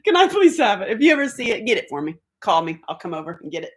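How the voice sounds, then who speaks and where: A woman's voice: medium pitch, very animated, fast. A woman chatting on a casual livestream, laughing often, greeting viewers by name and jumping from topic to topic. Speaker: livestream host.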